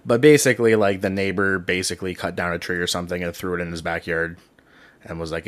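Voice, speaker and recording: Rambling, low-voiced podcast host man. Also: fairly even intonation, quick pace. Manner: rambling storyteller, heavy on "um", "like" and "right?". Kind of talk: casual podcast chat.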